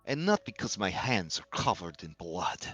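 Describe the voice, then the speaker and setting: A man's voice: deep voice, big pitch swings, moderate pace, fairly bright tone, husky, faint music behind, heavily acted. A man voicing a vicious female hobgoblin who screeches threats and barks orders at her kitchen staff in a tabletop game. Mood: menacing.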